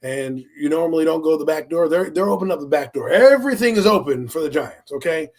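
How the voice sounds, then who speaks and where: A man with a high, husky voice tells sports stories in a loose, animated way, and he swears often. It sounds like casual chat on a talk stream. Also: fast. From Philadelphia area, US. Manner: animated storytelling, profane. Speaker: podcast co-host.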